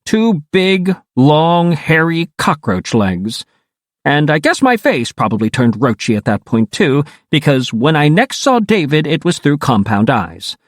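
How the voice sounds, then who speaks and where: A man reading a first-person audiobook in a wry, animated storytelling manner. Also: a little high, a little slow, no room sound, clean studio sound. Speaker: audiobook narrator.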